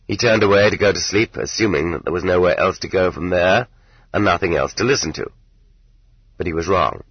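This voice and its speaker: A man narrating an audiobook in measured, even storytelling. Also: low voice, slightly rough, no room sound, dull audio. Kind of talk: scripted narration.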